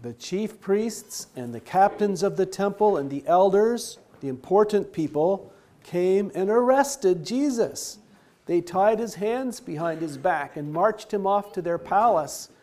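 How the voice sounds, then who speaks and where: Slow, high-voiced man telling a Bible story. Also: animated, a little mellow. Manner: simple explanatory retelling with asked questions. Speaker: Bible teacher.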